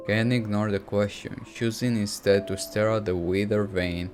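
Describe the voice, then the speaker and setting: Low-voiced man reading a story. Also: moderate pace, hardly any pauses. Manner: steady storytelling with brief asides. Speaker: narrator. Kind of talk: reading a novel aloud. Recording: reading over clear background music.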